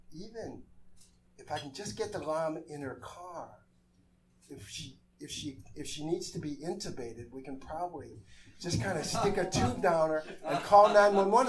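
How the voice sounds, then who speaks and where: A man telling a comic story live on a theater stage, animated and exasperated, acting out the voices in his tale. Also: on the high side, background noise. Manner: animated, exasperated, acts out quotes.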